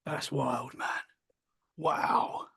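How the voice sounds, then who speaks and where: A man hosting a podcast, asking questions in a casual, excitable way with lots of short reactions. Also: mid-range voice, very slow, creaky, husky, no echo, clean studio sound. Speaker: podcast host. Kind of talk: casual interview chat.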